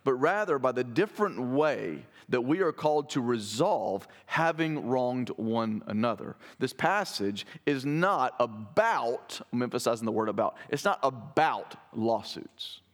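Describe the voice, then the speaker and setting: A man's voice: mid-range voice, animated, fairly quick, hardly any pauses. A man preaching a sermon in a conversational way, asking his listeners rhetorical questions. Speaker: pastor.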